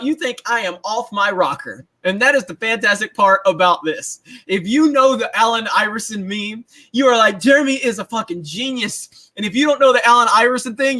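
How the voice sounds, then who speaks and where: Excitable high-voiced man ranting. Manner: excited, repetitive, laughing often. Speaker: host. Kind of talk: casual livestream rant.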